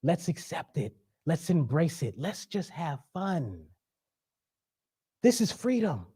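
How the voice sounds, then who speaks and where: A man's voice: a little high, sing-song, slow, dark tone, slightly rough. A young man giving a sermon as a guest speaker, conversational and joking, with emphatic preaching.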